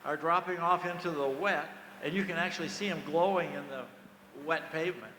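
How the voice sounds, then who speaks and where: An older man with a bright, forceful voice sitting a little high tells a racing story to a dinner crowd. He acts out each exchange with lively energy. His voice rings through an echoey banquet hall over a PA, with faint noise behind. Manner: animated storyteller who acts out the dialogue. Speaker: former race team manager.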